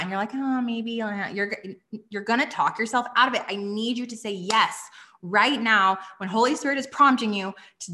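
A woman in her thirties running a live online workshop, pitching her courses with energetic enthusiasm and frequent "okay?" asides. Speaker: online business coach.

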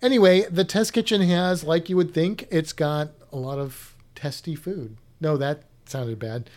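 A woman's voice: sits low, a little slow, darkish tone. Woman, co-host, casual chat, playful, rambling, trails off. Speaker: podcast co-host.

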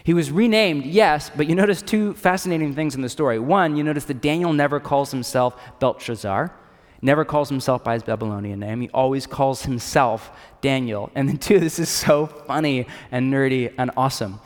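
A pastor preaching a sermon in an animated, casual, joking way. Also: male voice, medium pitch, moderate pace, long reverb tail. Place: church in a city.

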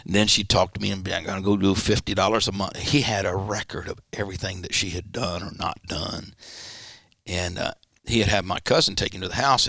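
A man, a pastor, telling a personal story in an interview and acting out the quoted dialogue with sudden pitch jumps. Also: creaky, fairly bright tone, no echo, studio quality. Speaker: pastor, guest. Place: church studio.

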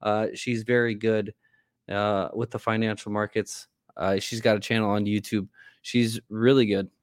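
A man's voice: lowish voice, level tone, normal speed, no room sound, clean studio sound. A man co-hosting a casual political podcast, rambling with many fillers and restarts. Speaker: podcast co-host.

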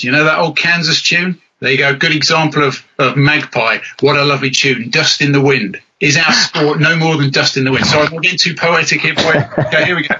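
Animated, husky-voiced man telling stories. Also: on the high side, brisk, highs cut off. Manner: animated storyteller, self-deprecating. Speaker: rally commentator and author. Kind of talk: chatty podcast interview.

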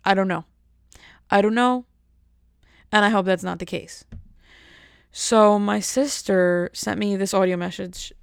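A woman's voice: medium pitch, steady tone, unhurried, gravelly, pauses often, clear, resonant tone, dry recording, clean studio sound. A woman chatting casually to her viewers, rambling and joking at her own expense. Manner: rambling, jokey, self-mocking. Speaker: vlogger. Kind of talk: casual chat to camera.

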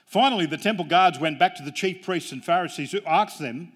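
A man's voice: fairly high pitch, brisk, fairly bright tone. A man preaching a sermon as pastor, mixing jokes and family stories with emphatic, rising points. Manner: jokey, storytelling preacher with emphatic rises.

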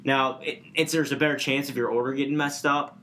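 A podcast co-host chats casually, his mid-range voice fairly even in intonation, a little fast, with a sharp tone. He's easygoing and agreeable, talking loosely and filling his speech with "like" and "you know."

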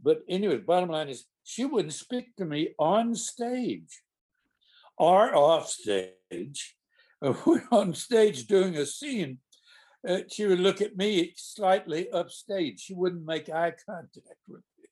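A man's voice: sits high, big pitch swings, takes it slowly, a little mellow. An older man, a stage actor, telling a rambling, amused backstage anecdote with frequent restarts. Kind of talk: casual anecdotal storytelling.

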